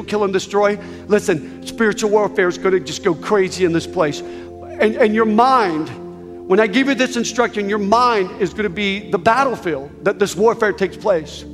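A man preaching an altar call in a large church, urging listeners again and again. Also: high voice. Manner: urgent, repetitive exhortation. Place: large church hall with balcony. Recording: echoey hall with soft music.

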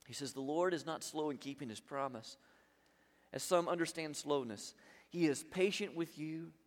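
A man preaching a sermon as pastor, emphatic, with big swings between loud and quiet. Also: fairly high pitch, normal speed, big-room sound.

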